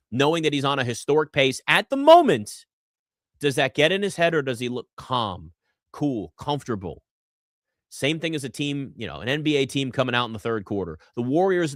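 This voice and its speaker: Guy hosting a sports talk show, chatty and animated, dry close mic. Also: mid-range voice, no room sound. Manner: animated, conversational, addresses chat and co-worker. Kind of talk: solo sports talk commentary.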